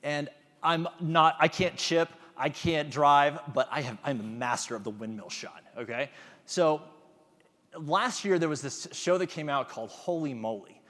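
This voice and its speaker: A man's voice: fairly high pitch, a little slow, fairly bright tone, long reverb tail. A man giving a motivational talk to an audience, engaging them with questions. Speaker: conference speaker.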